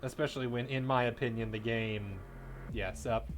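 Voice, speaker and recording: A man giving live gameplay commentary as a streamer, chatting with viewers at a desk mic and breaking into loud, excited yelling. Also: mid-range voice, moderate pace, a little hiss or hum. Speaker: game streamer.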